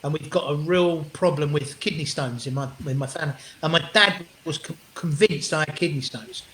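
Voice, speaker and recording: A man, a comedian guest telling animated, sweary stories in an interview and acting out what people said. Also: fairly high pitch, brisk, slight background noise. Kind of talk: storytelling interview chat. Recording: roomy echo.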